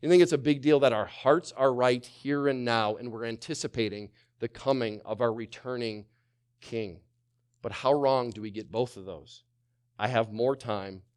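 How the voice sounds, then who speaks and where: A male pastor preaching a sermon, swinging from loud to hushed, firing rhetorical questions and calling on the congregation to answer. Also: mid-range voice, moderate pace, smooth. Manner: asks many rhetorical questions.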